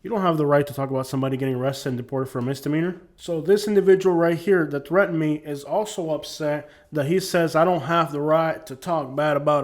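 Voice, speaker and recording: A man's voice: on the high side, darkish tone. A man born in Cuba giving emphatic, preachy casual commentary to his audience, at times reading a letter aloud in a formal tone.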